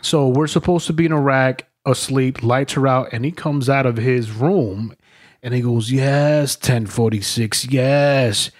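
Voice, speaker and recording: A man co-hosting a podcast, telling stories in a casual, profane and animated way. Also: mid-range voice, normal speed. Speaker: podcast co-host. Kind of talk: casual storytelling chat.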